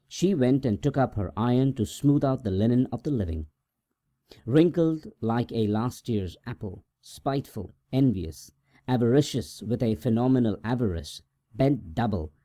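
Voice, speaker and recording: A man narrating a classic short story in a calm, measured way, scripted as sleep audio. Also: mid-range voice. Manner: slow, even, measured reading.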